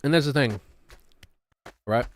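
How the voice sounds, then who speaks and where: A man's voice: mid-range voice, a little slow, a little hiss or hum. Rambling New streamer man. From New Zealand. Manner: rambling, musing, self-deprecating. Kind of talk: casual gameplay chat.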